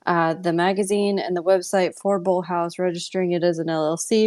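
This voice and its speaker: A woman's voice: lowish voice, little pitch movement, moderate pace, hardly any pauses, darkish tone, no echo. A woman hosting a live audio podcast, talking casually in a rambling, self-deprecating way. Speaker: podcast host.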